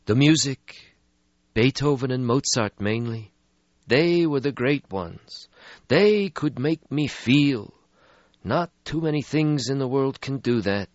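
A man voicing a weary, melancholy ancient male vampire in an audiobook, speaking slowly and mournfully. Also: mid-range voice, expressive, dry recording, voice pushed up. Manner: slow, mournful, world-weary. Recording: slightly muffled lo-fi audio.

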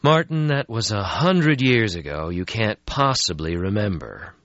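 A cocky young vampire, as a male narrator puts him on, talking up high with a bouncy, impatient lilt. He brushes off gloom with brisk cheer. The audio is dry and a bit muffled. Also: animated, fairly bright tone, no echo. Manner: impatient, dismissive, upbeat.

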